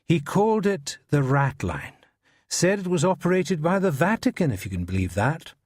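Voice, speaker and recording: A man's voice: on the high side, sing-song, normal speed, a little mellow, no echo, clean studio sound. A man reading a nervous, evasive older academic. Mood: defensive. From Scotland. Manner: evasive, defensive. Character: nervous older male academic under questioning.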